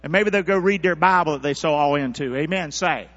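A man preaching a sermon as pastor, calling out for responses from his congregation and swinging from quiet asides to loud, high-pitched exhortation. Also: a little fast. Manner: calls for congregation responses, animated rising delivery. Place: church sanctuary. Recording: dull lo-fi church recording with mains hum.

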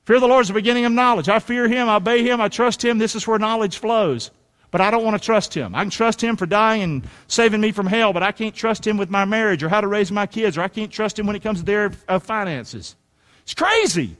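A middle-aged male pastor preaching a sermon in a folksy, preacherly way that rises to shouts. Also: high voice, animated, a little fast, in a large hall.

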